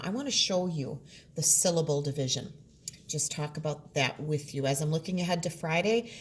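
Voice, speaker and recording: A woman's voice: fairly low pitch, slight background noise. A woman teaching a remote classroom lesson from home, explaining patiently step by step.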